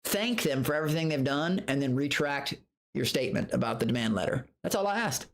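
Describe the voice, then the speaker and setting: A man streaming live, telling a story in a profane, animated rant, breaking into high outbursts and greeting viewers from chat. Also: fairly quick. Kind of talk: casual livestream rant.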